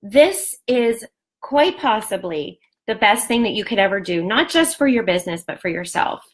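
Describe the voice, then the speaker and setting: A woman's voice: medium pitch, sing-song, moderate pace. A woman in her forties, a beauty product distributor, giving a candid motivational talk to her sales team, blunt and swearing freely. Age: 40s.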